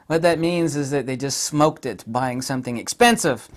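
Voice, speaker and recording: A man's voice: fairly high pitch, normal speed. Gushing man reviewing a lens. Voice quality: gushing, excitable, rambling with giggly asides. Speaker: camera gear reviewer. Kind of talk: rambling product review.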